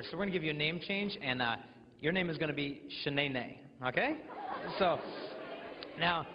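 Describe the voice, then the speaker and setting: A man's voice: a little high, noisy background. A young American man in his twenties gives a humorous motivational talk at a school assembly, joking and acting out other people's voices. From United States. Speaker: abstinence speaker at a school assembly. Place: large school hall. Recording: echoey hall, dull lo-fi sound.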